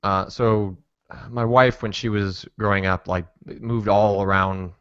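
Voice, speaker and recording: A man's voice: on the low side, steady tone, a little slow, fairly bright tone, clear, resonant tone, dry recording, dull audio. A man hosting a podcast, chatting casually in a rambling, hesitant way. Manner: rambling, hesitant, lots of restarts. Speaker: podcast host. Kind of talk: casual chat.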